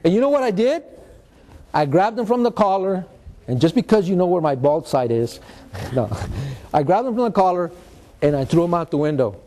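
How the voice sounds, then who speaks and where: High, mellow older man. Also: normal speed, pauses often. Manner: animated, mixes in Spanish slang, acts out quotes. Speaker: motivational guest speaker. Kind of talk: storytelling talk to students.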